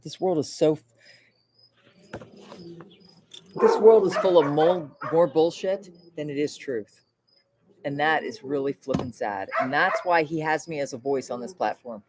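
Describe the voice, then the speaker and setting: A woman's voice: deep voice, background noise. A woman from Florida hosting a casual livestream, rambling and chatty and swearing freely. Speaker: livestream host.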